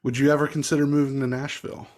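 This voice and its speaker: A man's voice: mid-range voice, level tone, very fast, a little mellow. A man hosting a casual interview, asking questions and reacting briefly. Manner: friendly, short reactions and questions. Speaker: podcast host.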